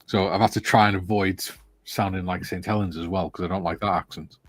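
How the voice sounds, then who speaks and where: A man's voice: sits low, fairly even intonation, brisk. A Welsh man co-hosting a live panel, reading the chat and joking in casual conversation. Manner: joking, laughs between lines.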